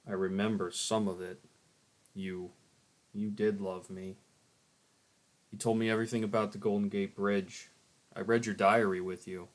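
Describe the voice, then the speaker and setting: A man voicing a cold young woman who speaks flatly, curtly and quietly. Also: on the low side, moderate pace, long pauses, close to an everyday voice.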